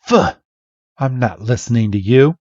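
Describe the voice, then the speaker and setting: A man's voice: mid-range voice, expressive, measured pace, darkish tone, no room sound, highs cut off, natural voice. A man voicing a stubborn little electric creature in a plain, grumpy, sulky tone.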